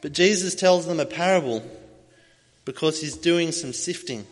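A man's voice: fairly high pitch, moderate pace. A man preaching a sermon, telling a story with animation and acting out voices as he goes. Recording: long hall reverb.

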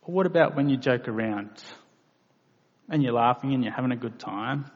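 A man's voice: mid-range voice, moderate pace. A man preaching a sermon, earnest and plain-spoken, acting out quoted voices now and then. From Australia. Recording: lo-fi recording in a reverberant hall.

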